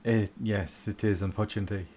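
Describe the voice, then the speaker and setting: Man putting on a French-accented gentleman, courteous, hesitant, low voice. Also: fairly even intonation, brisk, a little hiss or hum, natural voice. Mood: polite. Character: polite French gentleman mage, proud of his hat.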